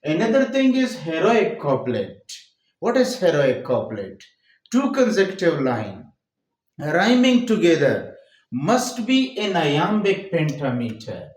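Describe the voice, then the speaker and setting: A man's voice: fairly high pitch, huge pitch swings, slow pace, darkish tone. A man with a Pakistani English accent, teaching poetry in a classroom lecture and repeating key phrases step by step. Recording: echoey room.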